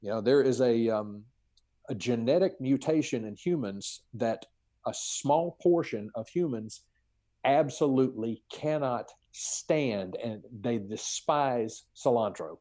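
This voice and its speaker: A man who is a guest on a podcast and a spiritual teacher, speaking in a measured, hesitant way as he searches for words. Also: medium pitch, expressive, dark tone. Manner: measured, hesitant, many fillers, word-searching. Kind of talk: casual conversation.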